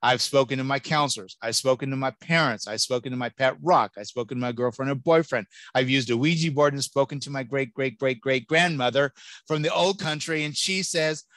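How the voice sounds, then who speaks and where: A man giving an animated, joking college admissions talk and taking audience questions. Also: mid-range voice, a little fast, dry recording. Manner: lively, jokey, exclamatory. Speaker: college admissions keynote speaker.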